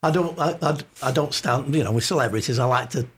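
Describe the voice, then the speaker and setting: A man guesting in a radio studio, telling lively anecdotes in casual chat. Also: fast talker, breathy edge. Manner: lively storyteller, jumps into high voices for quoted lines.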